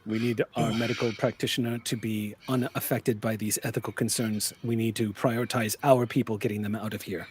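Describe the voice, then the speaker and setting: A man voicing a cold, calculating man in charge, speaking flat and measured. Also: on the low side, slight background noise, lightly acted.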